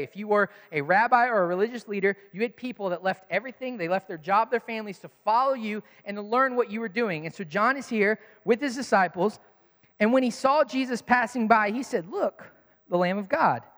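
A man's voice: high-pitched, big-room sound. A man preaching a sermon as pastor, telling stories and acting out quotes. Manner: animated storytelling, acts out quotes.

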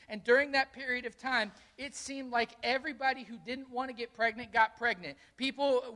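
A middle-aged man preaching a sermon as pastor, conversational and energetic, with many rhetorical questions. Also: very high voice.

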